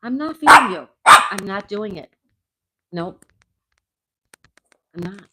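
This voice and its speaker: A woman hosting a casual live chat, greeting viewers by name and gently scolding her dog, with a sore throat coming on. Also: medium pitch, animated, slow pace, heavy background noise. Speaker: livestream host.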